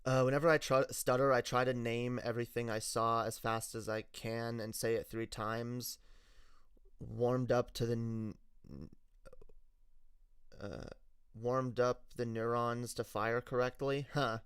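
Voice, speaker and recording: Male streamer, casual frank storytelling, swears freely, smooth tone, mid pitch. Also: flat delivery, unhurried, fairly bright tone, no room sound, clean studio sound. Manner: frank and profane, with frequent restarts. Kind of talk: casual personal storytelling on a livestream.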